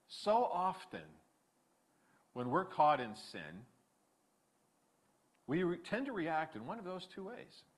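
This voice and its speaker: Animated male pastor preaching. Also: medium pitch. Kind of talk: sermon.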